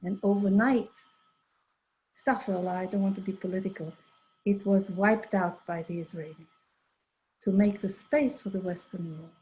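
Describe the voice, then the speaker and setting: An older woman telling a personal story in a rambling, conversational way, full of asides and quoted dialogue. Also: mid-range voice. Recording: dull lo-fi recording.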